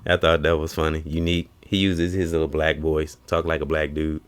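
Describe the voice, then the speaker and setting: A man with a low, deep voice hosts a relaxed chat. He retells comedy routines and keeps jumping into high put-on voices for the punchlines. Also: a little fast, smooth. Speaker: host. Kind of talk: casual chat.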